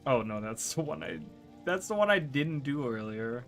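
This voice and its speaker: A man chats casually with his viewers while he plays, rambling and teasing as he goes. He trips over his words and starts his sentences again and again. His pitch sits in an ordinary middle range, and faint game music plays quietly behind him. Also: sing-song, normal speed. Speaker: gaming streamer. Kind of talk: casual livestream chat while gaming.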